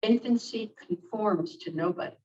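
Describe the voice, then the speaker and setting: A woman reads a text aloud to a group, careful and deliberate, sometimes tripping over a word. She sits away from the microphone, so the sound is distant and muffled, with a faint hiss behind her. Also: mid-range voice. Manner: careful reading with occasional stumbles. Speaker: group member reading aloud. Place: church meeting room. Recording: distant, dull room recording with faint noise.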